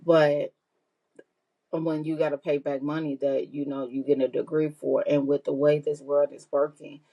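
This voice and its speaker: A woman's voice: deep voice, little pitch movement, moderate pace, dull audio. A middle-aged woman hosting a podcast, talking in a candid, heartfelt way and repeating herself for emphasis. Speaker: podcast host. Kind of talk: casual personal monologue.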